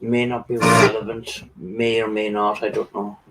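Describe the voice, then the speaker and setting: A man with a very gravelly, flat, lowish voice reports what he has noticed. He talks from some way off the mic. Loud guitar music plays over him. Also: normal speed, distant mic, poor audio. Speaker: paranormal investigator. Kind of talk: casual group discussion.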